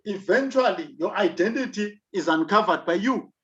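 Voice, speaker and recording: Delivering a leadership lecture, a South African man fires off emphatic rhetorical questions at normal speed. His expressive voice is a bit bright and slightly high for a man, and the recording sounds dull and lo-fi.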